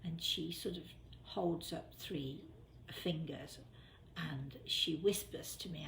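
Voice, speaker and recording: A woman's voice: low voice, slow pace, creaky, fairly bright tone, slight background noise. An older woman telling a personal story in a chatty, casual way, repeating words for emphasis.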